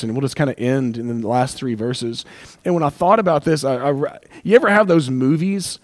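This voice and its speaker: A man's voice: medium pitch, normal speed, dry recording. A man preaching a sermon as pastor, conversational and emotional, with asides and acted-out quotes.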